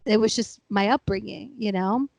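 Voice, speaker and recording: A woman's voice: mid-range voice, normal speed, creaky, dry recording. A woman in her thirties, a podcast co-host, telling stories in casual chat and acting out her family's voices. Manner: animated storyteller, acts out family members; laughing, chatty.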